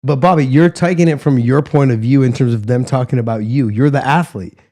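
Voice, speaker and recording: A man's voice: medium pitch, a little fast, mellow. A man co-hosting a podcast, pushing back and arguing his point in a teasing way. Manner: pushes back, argumentative and teasing. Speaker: podcast co-host. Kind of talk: casual podcast debate.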